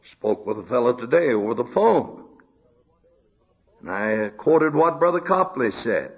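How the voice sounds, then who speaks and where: An older man preaches a sermon at a measured pace, his slightly rough voice animated as it sinks to a low murmur and climbs to high, emphatic outbursts. The recording is dull and lo-fi.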